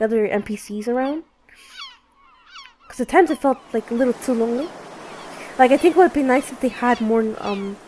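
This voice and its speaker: A woman giving casual let's play commentary, reacting out loud with exclamations and laughs. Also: on the high side, slight background noise, low-quality recording. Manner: expressive, exclaims and laughs at the game.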